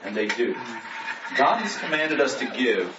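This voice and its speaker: A man's voice: medium pitch, big pitch swings, a little slow. A man preaching as a pastor in a conversational style, asking the congregation rhetorical questions. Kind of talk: sermon. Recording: roomy echo, distant mic, lo-fi with noise.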